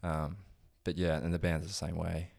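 A young man who coaches strength training, chatting casually in an interview, relaxed and rambling with many fillers. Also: low voice, moderate pace, gravelly, no room sound. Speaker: gym owner and strength coach.

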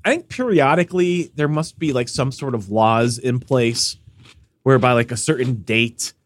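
A man's voice: medium pitch, normal speed, dry recording. A man co-hosting a casual podcast, joking and sniffly as he banters with his partner. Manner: animated, jokey, sneezing and sniffly. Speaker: podcast co-host.

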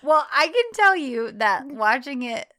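A woman co-hosting a casual podcast, asking her partner her question of the week in an unhurried way. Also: high voice, very animated, sharp tone, no echo, clean studio sound. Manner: unhurried, reacts with short backchannels and laughs. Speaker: podcast co-host. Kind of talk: casual chat.

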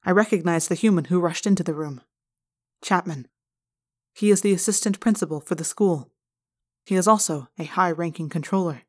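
A woman narrating a fan read-aloud chapter in an expressive style, recorded in a hotel room. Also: lowish voice, normal speed, pauses often.

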